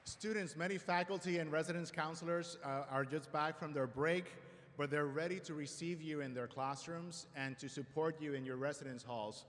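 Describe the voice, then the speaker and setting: A man giving a formal convocation address at a school ceremony, measured with light self-deprecating humor, speaking at a podium microphone. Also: on the high side, fairly bright tone. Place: large auditorium. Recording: long hall reverb in a large auditorium.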